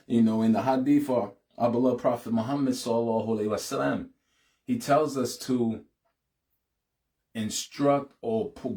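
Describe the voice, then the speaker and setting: A man's voice: medium pitch, darkish tone. A middle-aged man hosting a heartfelt, casual talk to his audience. He keeps saying "man" and "you know what I'm saying", and his voice rises and speeds up when he urges his listeners. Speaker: channel host addressing his audience.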